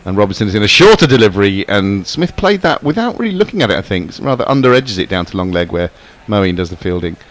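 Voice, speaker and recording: Low-voiced male cricket commentator. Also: sing-song, fast, few pauses. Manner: chatty, joking between deliveries. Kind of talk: ball-by-ball radio commentary.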